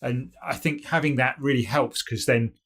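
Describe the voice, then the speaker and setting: A man's voice: mid-range voice, fairly even intonation, normal speed, a bit bright, breathy edge. A British man from the UK co-hosting a podcast, giving thoughtful, hesitant answers full of "you know" and restarts. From United Kingdom. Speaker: podcast co-host. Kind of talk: casual podcast chat.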